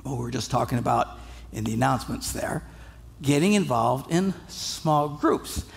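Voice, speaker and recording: A male pastor delivering a sermon, telling stories in a lively, humorous way and acting out the people in them. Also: medium pitch, normal speed, creaky. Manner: animated, humorous storytelling with acted-out voices.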